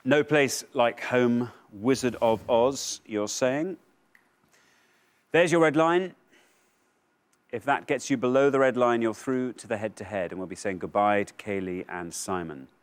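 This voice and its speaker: A man's voice: medium pitch, measured pace, clean tone. Man hosting a quiz show. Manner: upbeat, teasing, bursts of excitement on reveals. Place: television studio.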